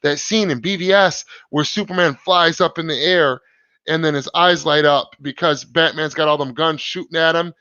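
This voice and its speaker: A man hosting a live stream, chatting casually in an excited, rambling, slangy way with many restarts. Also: a little high, normal speed, no echo, highs cut off.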